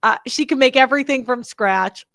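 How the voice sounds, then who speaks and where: Chatty high-voiced young woman, blunt. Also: normal speed, vocal fry, a bit bright, dry recording, studio quality. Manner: chatty, rambling, blunt, many fillers and restarts. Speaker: podcast host. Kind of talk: casual opinionated monologue.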